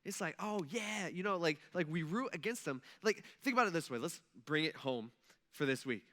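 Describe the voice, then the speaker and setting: A male pastor preaching a conversational sermon in a church, animated and checking in with the congregation with "okay?" and "right?". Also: fairly high pitch, brisk. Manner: animated, acts out quoted voices, frequent "okay?" and "right?". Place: church sanctuary.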